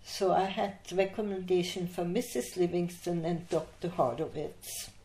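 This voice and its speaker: A woman's voice: lowish voice, steady tone, normal speed, dark tone. An older woman from Austria, interviewed for an oral history, telling a long anecdote with frequent laughter. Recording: echoey room.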